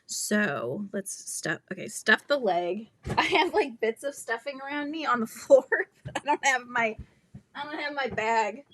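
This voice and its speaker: A woman hosting a casual crochet livestream, giggly, animated and chatty as she talks to viewers. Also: fairly high pitch, a little slow, no echo. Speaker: livestream host.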